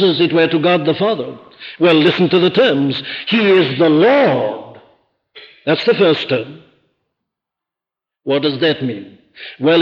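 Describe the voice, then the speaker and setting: Emphatic preacher, lo-fi archive recording. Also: male voice, a little high, long reverb tail. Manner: emphatic, rhetorical questions, slows for stress. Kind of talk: sermon.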